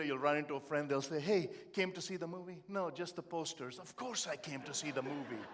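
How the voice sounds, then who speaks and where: A middle-aged man from India giving a humorous motivational speech, with punchy storytelling that swings from loud to quiet. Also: medium pitch. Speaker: motivational speaker.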